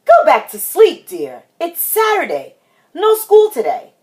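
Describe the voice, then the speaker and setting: A woman voicing a gentle, patient mother frog in a storybook reading. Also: extremely high pitch, huge pitch swings, measured pace, pitched above the performer's own voice, heavily acted.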